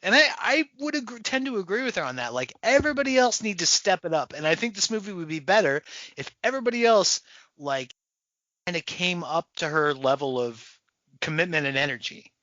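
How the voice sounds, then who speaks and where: A man's voice: sits high, lively intonation, brisk, sharp tone, dry recording, dull audio. A man co-hosting a podcast, chatting casually about a film and acting out jokey quotes in silly voices. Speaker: podcast co-host. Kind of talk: casual movie-review chat.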